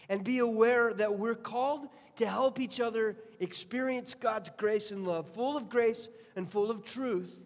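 A male pastor preaching a sermon, earnest and storytelling, often restarting his phrases. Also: high-pitched. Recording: long hall reverb.

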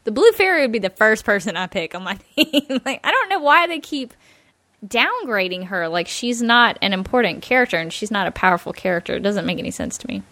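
A woman's voice: medium pitch, very animated, a little fast, sharp tone, no echo. A woman co-hosting a podcast in casual chat, laughing often and using lots of likes and ums. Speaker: podcast co-host.

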